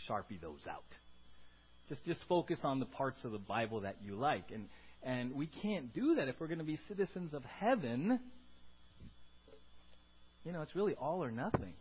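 A man preaching a sermon, animated and acting out scenes, with frequent restarts. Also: on the high side, slightly rough, lo-fi sound. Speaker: pastor.

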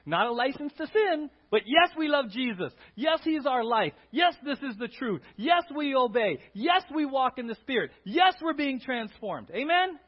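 A male pastor preaching a sermon in a church, playful and animated, swinging between quiet asides and loud bursts. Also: extremely high pitch, moderate pace, hardly any pauses. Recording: dull lo-fi sermon audio.

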